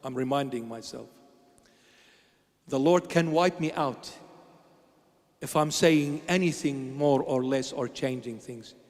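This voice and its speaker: A man preaching a sermon at a church altar, impassioned and repetitive, swinging between shouting and hushed tones. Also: medium pitch, slow, pauses often. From Syria. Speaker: bishop. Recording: long church reverb.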